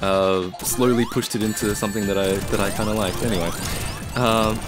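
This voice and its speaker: Man, from australia, streamer, casual rambling chat, low-pitched voice, faint music behind. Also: fairly even intonation, fairly quick. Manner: rambling, reads chat aloud and answers it.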